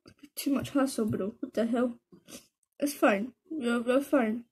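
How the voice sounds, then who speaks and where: This woman, who makes gaming videos, keeps up a chatty, self-mocking running commentary to herself as she plays, throwing in "bro" and "man". Her voice is on the high side, a little slow and mellow, with a breathy edge.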